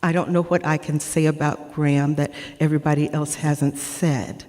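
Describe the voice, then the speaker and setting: A woman's voice: deep voice, flat delivery, moderate pace, darkish tone, in a large hall. A woman giving an earnest, heartfelt personal tribute at a memorial, speaking as a former actor and student. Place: performing arts center stage.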